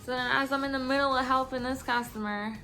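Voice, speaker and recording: A tipsy woman vlogger telling a story in a casual, animated way and swearing freely. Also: sits high, fast, soft background music.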